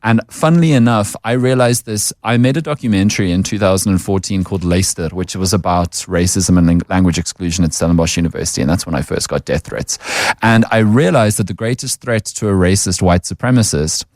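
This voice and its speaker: A man's voice: low-pitched, fast talker, darkish tone, no echo. A South African man speaking as an articulate, opinionated guest on a radio panel in a studio. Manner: articulate, opinionated, acts out quoted voices. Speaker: panel guest, media personality.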